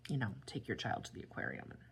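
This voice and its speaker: A young adult woman chatting casually while she crafts, tired and rambling, with yawns and soft asides. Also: quick pace, heavy background noise. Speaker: crafting vlogger.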